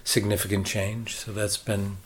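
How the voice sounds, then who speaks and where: An older man with a Boston American accent, a consultant guest talking in a relaxed, reflective and halting way. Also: on the low side, a crowd in the background. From United States. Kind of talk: conversational interview.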